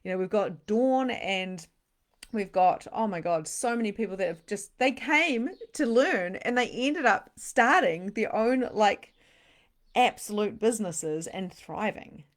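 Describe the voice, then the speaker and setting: A woman spiritual coach hosting a livestream, chatty and bubbly, reading comments and pitching her program, sometimes dropping to a hushed near-whisper. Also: expressive. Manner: bubbly, chatty, reads comments aloud, quick laughs. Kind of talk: live-streamed sales pitch and chat.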